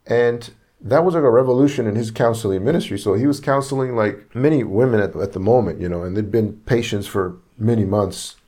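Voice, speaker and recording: A man's voice: on the low side, a little fast, hardly any pauses, dark tone. A man preaching a sermon, telling a story earnestly and acting out each person's lines as he goes. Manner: retells conversations, acting out each speaker's lines; earnest, repeats himself while searching for words.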